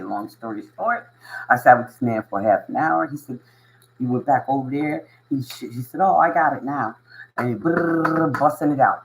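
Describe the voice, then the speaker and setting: A spiritual channel host talks casually to his viewers in a motivational monologue, sincere and emotional, repeating things for emphasis, chuckling often and leaning on "you know what I mean." His voice is mid-range, and the audio is poor.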